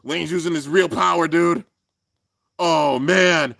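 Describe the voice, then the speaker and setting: A young man hosting a live reaction, commenting excitedly and often breaking into loud exclamations. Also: a little high, slow pace, gravelly, no room sound, studio quality. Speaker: channel host reacting to an anime episode. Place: home room with a fan, traffic outside.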